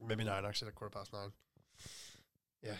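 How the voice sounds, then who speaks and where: A man co-hosting a casual podcast chat, relaxed and rambling, often trailing off quietly. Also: lowish voice, brisk. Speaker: podcast co-host.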